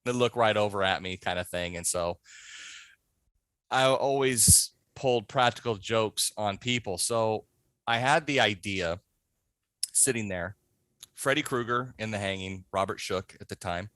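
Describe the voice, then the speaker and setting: A man in a casual podcast interview, telling a backstage prank story with animated delivery and acting out the other people's voices. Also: on the low side, measured pace, clean tone, no echo. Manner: animated, acts out voices in his stories. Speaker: podcast guest, haunt scare actor.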